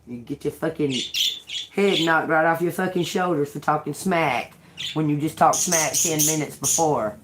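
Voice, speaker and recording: A woman tarot reader talking in a casual, rambling monologue, blunt, sarcastic and full of swearing, laughing between remarks. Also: low-pitched. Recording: noisy home recording.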